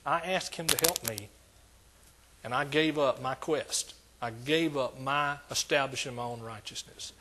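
A man's voice: mid-range voice, a little slow, background noise. An older man preaching a sermon as pastor, emphatic and repetitive in his cadence.

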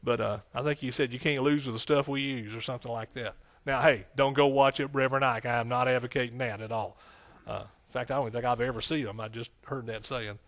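A man's voice: medium pitch, fairly even intonation, fast, hardly any pauses, fairly bright tone. A man preaching a folksy, conversational sermon, with frequent amens and hallelujahs. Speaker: pastor.

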